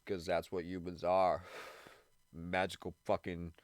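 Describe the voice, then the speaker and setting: A man's voice: sits low, level tone, measured pace, smooth, no room sound, studio quality. Rambling, profane man on live radio. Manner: rambling, profane, laughing often. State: high. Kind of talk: casual live radio chat.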